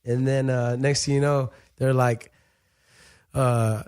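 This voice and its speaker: Animated, swearing young man telling stories. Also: mid-range voice, slow pace, smooth. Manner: animated, profane, acts out quoted dialogue. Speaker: guest, professional boxer. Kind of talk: casual storytelling chat. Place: podcast studio.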